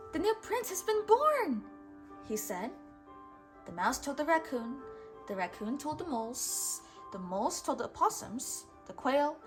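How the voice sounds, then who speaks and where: Slow, expressive woman reading a storybook aloud. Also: fairly high pitch. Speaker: storybook reader, channel host. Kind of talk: children's read-aloud.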